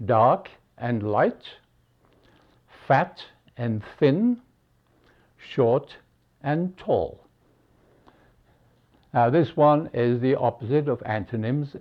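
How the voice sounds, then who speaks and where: A man slowly teaching English spelling, pausing between each word he gives as an example. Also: medium pitch. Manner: slow, deliberate, pausing between words. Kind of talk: slow spelling lesson. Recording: dull lo-fi recording.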